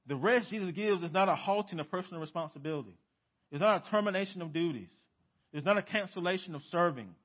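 Male pastor, emphatic sermon delivery, dynamic and questioning, slightly high voice, dull lo-fi church recording. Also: fast talker. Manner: emphatic, swings from loud to hushed, rhetorical questions. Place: church sanctuary.

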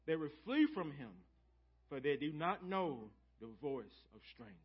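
A pastor's sermon in a church sanctuary comes in a fairly high, expressive, slightly rough male voice at a moderate pace. He calls out to the congregation and repeats key phrases for emphasis, preaching with call-and-response, and the audio sounds dull.

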